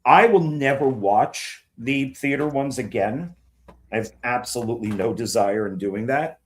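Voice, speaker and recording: A man co-hosting a casual film discussion, talking in an animated way, swearing freely and laughing often. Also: mid-range voice, measured pace. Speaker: film podcast co-host.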